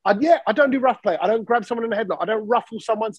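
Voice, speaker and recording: A man hosting a podcast in casual chat, animated and acting out the voices of people he quotes. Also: high voice, very fast, breathy edge, no echo, lo-fi sound. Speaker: podcast host.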